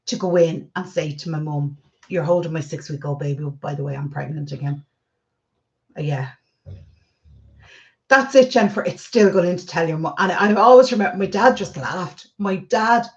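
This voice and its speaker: An Irish woman in her forties telling family stories in a casual, chatty vlog. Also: on the low side. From Ireland. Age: 40s. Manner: chatty storytelling, lively retelling. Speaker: vlogger. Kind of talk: casual chat. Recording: slightly dull lo-fi sound.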